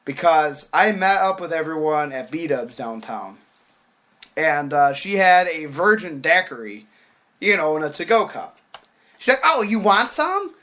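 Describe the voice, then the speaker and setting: Animated young man telling a story. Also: a little high, unhurried. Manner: animated, acts out quoted voices, swears casually. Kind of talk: casual podcast storytelling.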